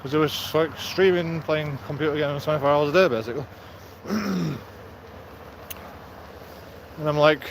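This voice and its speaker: A man's voice: a little high, moderate pace, pauses often. A man, rambling and joking as he walks outdoors for his vlog, a bit out of breath. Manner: joking, chatty, laughs often. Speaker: vlogger. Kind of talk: rambling casual walk-and-talk. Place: outdoors on city streets at night. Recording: noisy outdoor street recording.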